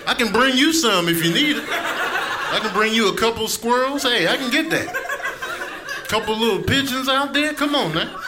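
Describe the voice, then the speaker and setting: An indignant, demanding house cat who complains loudly about an empty dish, voiced by a male comic. The live recording is noisy. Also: very high-pitched, lively intonation, moderate pace, voice pushed up.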